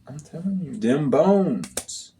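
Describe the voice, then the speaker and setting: A man's voice: a little high, sing-song, slow pace, mellow, slight background noise. A man talking straight to his viewers as a spiritual reader, in a blunt, profane, scolding way. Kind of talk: casual monologue to viewers.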